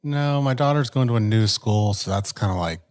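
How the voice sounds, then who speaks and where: A man who edits podcasts, chatting casually in a relaxed way with short replies and chuckles. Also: on the low side, normal speed. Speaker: podcast editor. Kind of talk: casual chat.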